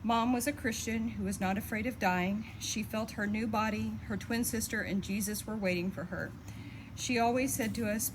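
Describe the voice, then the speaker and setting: A woman reading a eulogy for her mother, steady and heartfelt, fondly reminiscing. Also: mid-range voice, normal speed, noisy background. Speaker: daughter giving a eulogy. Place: memorial service.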